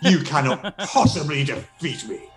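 A woman's voice: sits low, lively intonation, normal speed. A man voicing a harsh, boastful female villain duchess with an edge to her voice in a tabletop game. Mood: taunting. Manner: taunting, grandiose boasting. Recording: roomy echo, faint music.

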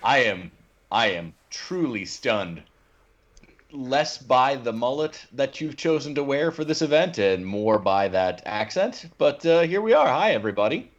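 A man's voice: medium pitch, sing-song, a little slow. A man co-hosting a movie podcast, teasing and exasperated in casual chat. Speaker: podcast co-host. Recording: dull lo-fi sound.

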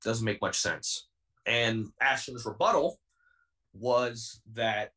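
A man's voice: medium pitch, slow, pushed and bright, far from the mic, poor audio. A young man in his twenties, a pro wrestler being interviewed on a podcast, talking in a heated, defiant and intense way. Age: 20s.

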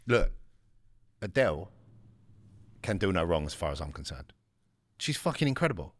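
A man's voice: sits low, sing-song, moderate pace, no room sound. A man, bantering bluntly and swearing freely as a podcast co-host. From London. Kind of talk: casual banter.

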